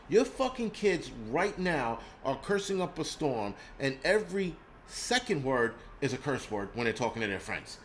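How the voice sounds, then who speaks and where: A man's voice: mid-range voice, sing-song, moderate pace, a little hiss or hum. Blunt, profane American man ranting. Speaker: channel host. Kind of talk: casual livestream rant.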